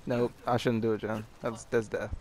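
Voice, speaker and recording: Loud joking young man gaming. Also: lowish voice, little pitch movement, moderate pace, a little hiss or hum. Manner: loud, joking, swears often. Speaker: gaming channel host. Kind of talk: casual gameplay commentary. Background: game music and gunfire.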